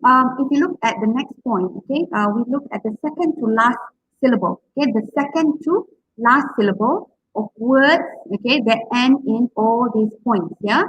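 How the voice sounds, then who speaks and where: Husky-voiced woman lecturing, dull dry audio. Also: on the high side. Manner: frequent checking "okay?" and "right?", models words aloud with exaggerated stress. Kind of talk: university lecture on public speaking.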